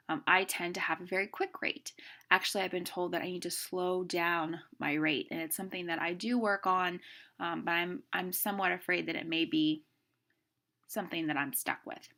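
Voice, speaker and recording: A middle-aged woman teaching a class on speaking, brisk and emphatic, demonstrating stress and pauses as she goes. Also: lowish voice, vocal fry, sharp tone. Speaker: speech instructor. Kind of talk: classroom lecture.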